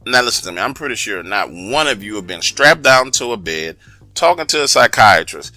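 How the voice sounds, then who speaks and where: A man telling a comic first-person story in an animated, profane, emphatic way, often turning to address his listeners directly. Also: lowish voice, a little fast, no echo, soft background music.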